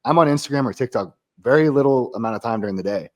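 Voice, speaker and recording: A man who is a former Marine, a podcast guest speaking in casual conversation, blunt, profane and quick to laugh. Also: mid-range voice, animated, a little mellow.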